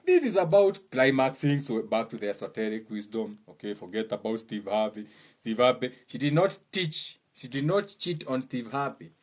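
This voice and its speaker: A young Kenyan man giving a mocking, joking monologue, laughing at his own lines and slipping into high mimicking voices. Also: very animated, moderate pace. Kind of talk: humorous monologue.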